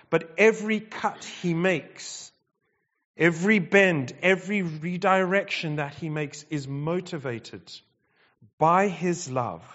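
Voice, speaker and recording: A man preaching a sermon, emphatic and measured, repeating phrases and pausing between them. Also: a little high, a bit bright. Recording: dull sound with long hall reverb.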